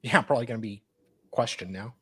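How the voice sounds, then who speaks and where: A woman's voice: very deep voice, fast, breathy edge, no room sound. A woman co-hosting a live stream who makes dry, sarcastic jokes in casual chat. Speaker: stream co-host.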